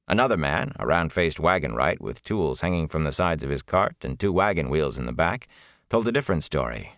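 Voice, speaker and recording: A man narrating a fantasy novel as an audiobook, measured and expressive. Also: very deep voice, no room sound, studio quality.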